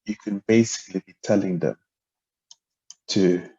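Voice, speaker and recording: A man teaching a language lesson, explaining word tones in a hesitant way with many pauses and ums. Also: low voice, dark tone, slightly rough. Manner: hesitant, lots of ums, spells out syllables and tones. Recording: dull lo-fi audio without a proper mic.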